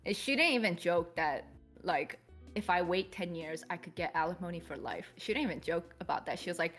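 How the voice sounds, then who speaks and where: Calm low-voiced woman telling her story. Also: faint music behind. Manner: calm, measured, reflective retelling. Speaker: podcast guest. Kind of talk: personal storytelling in a podcast interview.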